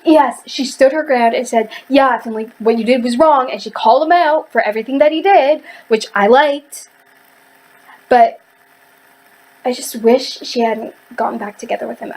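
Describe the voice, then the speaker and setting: A woman's voice: a little high, darkish tone, a little hiss or hum, low-quality recording. A woman ranting heatedly in a casual book review, rambling with lots of fillers and restarts.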